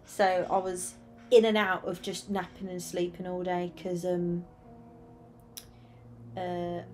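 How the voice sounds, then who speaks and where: Slow-talking tired woman streamer. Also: mid-range voice. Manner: rambling, self-correcting, chatty. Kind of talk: casual chat while drawing. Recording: music playing clearly behind.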